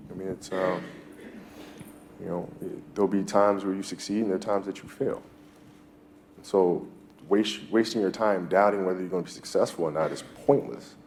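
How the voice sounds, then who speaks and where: A man's voice: sits low, fairly even intonation, moderate pace, darkish tone, slight background noise. A man answering an interview question in a blunt, matter-of-fact way.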